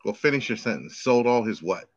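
A man co-hosting a podcast in casual chat, animated and joking, swearing freely. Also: on the low side, a little fast, no room sound, highs cut off. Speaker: podcast co-host.

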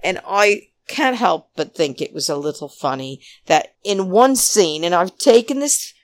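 A woman's voice: fairly low pitch, animated, unhurried, no echo. A woman hosting a podcast, recapping a reality show in a chatty, laughing, opinionated way. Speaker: podcast host.

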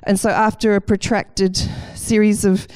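A woman's voice: mid-range voice, level tone, a little slow, a little mellow. A woman preaching a sermon with enthusiasm and a light self-deprecating humour.

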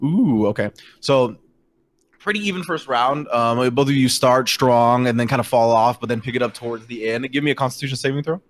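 A man's voice: mid-range voice, a little fast, a little hiss or hum. A man narrating as game master in a casual, filler-heavy way.

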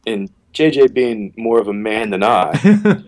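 A man with a fairly low voice tells a long story at an easy, conversational pace. He slips into quick bursts of acted-out speech and otherwise keeps a casual, friendly flow. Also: low-quality recording. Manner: relaxed storyteller, acts out quotes with sudden pitch jumps. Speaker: worship leader, podcast guest.

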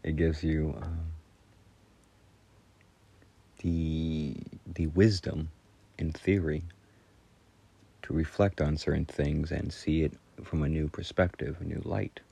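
A man's voice: a bass voice, flat delivery, slow pace, gravelly, pauses often, mellow, breathy edge. A middle-aged man casually telling stories, laughing often and rambling with crude humor. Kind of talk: casual storytelling monologue.

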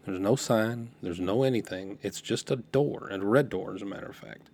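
His voice is fairly low, gravelly and slightly rough, at a normal pace. As a middle-aged podcast host, he casually recounts a rambling youthful memory, correcting himself mid-sentence and growing animated on quotes.

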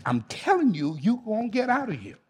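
A preacher acting as an insistent pleading prisoner. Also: male voice, high voice, huge pitch swings, fairly quick, husky, muffled recording, full character voice. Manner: urgent, insistent repetition. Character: hopeful imprisoned man pleading earnestly.

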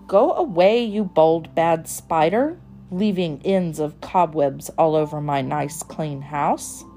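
A woman's voice: deep voice, slow pace, dark tone, soft background music. A woman voicing a fussy, tidy little female mouse who talks in a prim, scolding way. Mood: cross.

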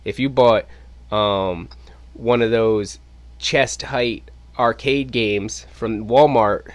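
A man hosting his own podcast, telling a casual story in an animated way and swearing freely. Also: medium pitch, slow pace. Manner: animated, acts out quoted voices, swears casually. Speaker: podcast host. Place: home podcast studio.

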